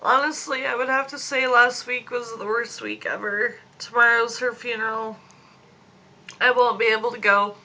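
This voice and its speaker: A woman in her late twenties speaking a personal video diary into a phone, grieving, slow and halting, fighting back tears. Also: a little high, fairly even intonation, pushed and bright, low-quality recording. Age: 20s. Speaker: vlogger. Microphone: phone camera.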